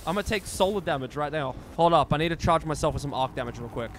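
High, lively young male streamer. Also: fast, slight background noise. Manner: loud, excitable, swears a lot, jokey. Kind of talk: gaming commentary.

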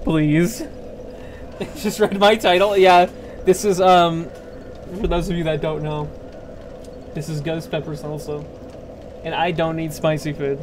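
A man's voice: on the high side, level tone, unhurried, long pauses, background noise. A young man commenting live on his gameplay, yelping and pleading in danger and joking with sarcastic bravado. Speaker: streamer.

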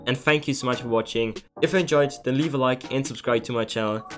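A man's voice: medium pitch, fast talker, a bit bright, soft background music. A young man giving casual commentary over a betting game, agitated, swearing and pleading over and over. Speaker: gaming streamer.

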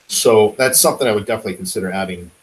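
A man's voice: fairly low pitch, rapid-fire, slight background noise, low-quality recording. A man hosting a casual podcast, joking and teasing his co-hosts. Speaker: podcast host. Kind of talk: casual chat.

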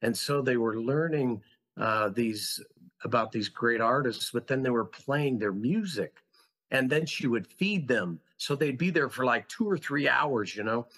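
A man's voice: mid-range voice, animated, a little slow, fairly bright tone, slightly rough. A man who founded a school, a guest on a podcast, telling his story in an earnest, passionate, reflective way. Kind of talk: conversational storytelling.

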